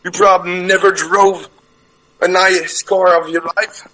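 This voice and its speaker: A man's voice: sits high, level tone, unhurried, a loud crowd, low-quality recording. A man taunting and swearing at someone in a heated voice-chat argument, laughing between jabs.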